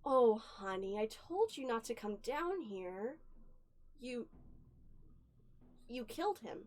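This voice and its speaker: A woman playing a softly sinister murderous mother. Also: on the high side, takes it slowly, a little hiss or hum. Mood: cold calm. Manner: soft, cold, sinister calm. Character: calm murderous mother, middle-aged woman.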